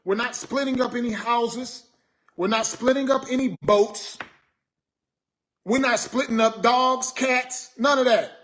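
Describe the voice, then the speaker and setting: A very high, somewhat bright man's voice comes through at a slightly slow pace. He's on a live stream ranting casually at his viewers, exasperated but joking, looping back over his points and adding "man."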